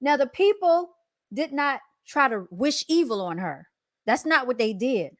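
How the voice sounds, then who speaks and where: A woman hosting a casual reaction commentary, animated and emphatic, often calling out to her viewers. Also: high-pitched, a little slow, dry recording, clean studio sound. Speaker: commentary host.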